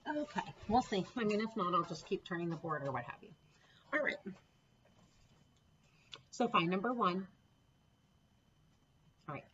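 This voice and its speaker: A woman's voice: on the low side, a bit bright, muffled recording, a little hiss or hum. A woman teaching a recorded phonics lesson to children, patient and encouraging, spelling out letter sounds one by one. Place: home classroom setup with a board.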